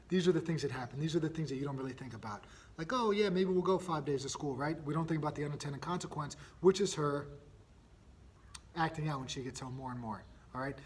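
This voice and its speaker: A man in his thirties hosting a solo parenting podcast, telling stories in a casual, energetic way and often checking in with "right?". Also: on the high side, a little hiss or hum. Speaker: podcast host.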